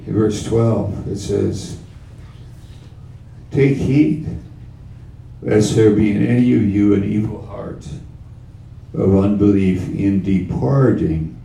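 A man preaching a sermon, slow and emphatic, repeating his key phrases. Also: fairly low pitch, vocal fry, warm tone, recorded from a distance. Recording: roomy sound from off-mic.

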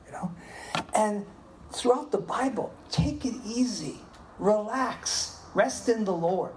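A man in his seventies preaching a sermon, telling animated personal stories and checking in with the listeners. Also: high-pitched, takes it slowly, a little hiss or hum. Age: 70s. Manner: animated storytelling, asks "Are you with me?". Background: audience responding.

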